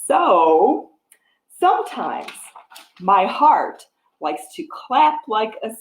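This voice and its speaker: A woman, a children's librarian, reading a picture book aloud at storytime, coaxing young children to join in with gentle encouragement. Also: a little high, big pitch swings, very slow. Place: library room. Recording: roomy echo.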